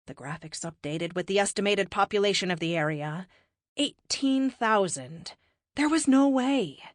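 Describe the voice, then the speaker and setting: A woman reading a science fiction audiobook in an expressive, measured narration, close to the mic. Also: mid-range voice, no room sound. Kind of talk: scripted narration.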